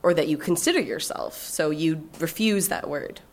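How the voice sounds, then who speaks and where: A woman's voice: sits low, normal speed. A woman in her forties telling a personal story as a podcast guest, frank and profane and laughing often. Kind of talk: candid conversational storytelling.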